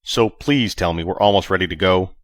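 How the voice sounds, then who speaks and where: A man voicing a brash, exasperated male starship captain who talks loudly and pushily. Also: sits low, a little fast, no room sound, studio quality. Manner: loud, pushy and exasperated.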